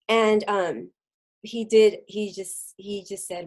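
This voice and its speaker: Middle-aged woman telling her story, lots of ums and restarts, goes real quiet sometimes. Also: mid-range voice, fairly even intonation, low-quality recording. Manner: halting, many fillers and restarts, drops to a near whisper at hard moments. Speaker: guest. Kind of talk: personal testimony in an interview.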